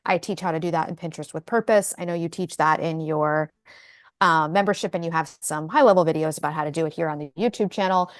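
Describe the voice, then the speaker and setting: A woman's voice: deep voice, fast, dry recording, studio quality. A woman co-hosting a casual chat about marketing, talking in a chatty way with lots of fillers and restarts over a video call. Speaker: co-host.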